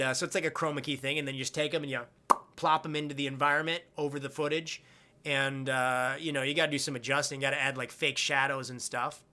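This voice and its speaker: A man's voice: a little high, sharp tone. A young man hosting a casual live stream, answering viewer questions in a blunt, rambling way and swearing casually.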